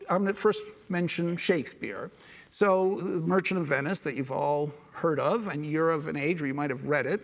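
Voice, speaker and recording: A man's voice: on the high side, a bit bright. A man giving a public lecture in a conversational, digressive way, often restarting his sentences and slipping in dry humorous asides.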